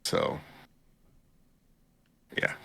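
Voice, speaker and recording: A man co-hosting a casual podcast, animatedly retelling an anime episode and jumping into a higher voice for the characters' lines. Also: extremely slow, sharp tone, slight background noise. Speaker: podcast co-host recapping an anime. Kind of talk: casual chat.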